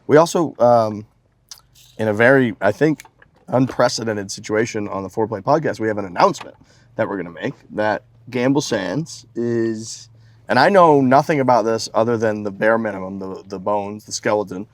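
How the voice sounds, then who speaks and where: A man hosting a golf podcast in casual chat, halting and chatty. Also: fairly low pitch, dry recording. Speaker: podcast host.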